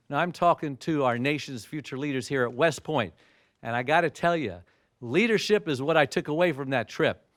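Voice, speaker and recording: Animated man in his sixties telling a story. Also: fairly high pitch, no room sound, studio quality. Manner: animated storyteller who acts out dialogue. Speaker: motivational speaker. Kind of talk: storytelling speech to an audience.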